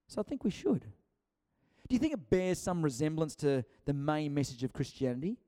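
Male preacher, chatty and animated, a little higher-pitched than most men. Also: a little slow. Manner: chatty, acts out quotes, many restarts. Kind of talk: conversational sermon.

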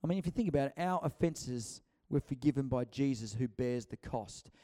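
A man's voice: mid-range voice, expressive, brisk, mellow. A man preaching a conversational sermon, acting out quotes and often restarting his sentences. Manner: chatty, acts out quotes, many restarts.

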